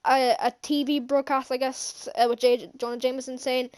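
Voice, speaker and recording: A woman giving an excited, rambling movie recap as a vlogger, gushing, with lots of fillers and restarts. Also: high-pitched, fairly quick.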